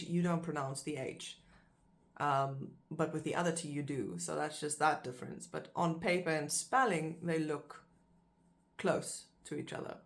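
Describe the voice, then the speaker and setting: A woman with a South African accent, a native Afrikaans speaker, giving a casual language lesson and repeating each word slowly so it can be pronounced. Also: low-pitched, fairly bright tone. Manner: slow and careful, repeats words to pronounce them. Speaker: language teacher.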